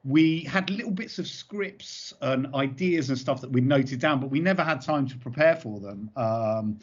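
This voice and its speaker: A male comedy performer giving interview answers as an animated, rambling storyteller. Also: mid-range voice, normal speed, slightly rough. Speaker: comedy double-act performer. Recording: dull lo-fi recording.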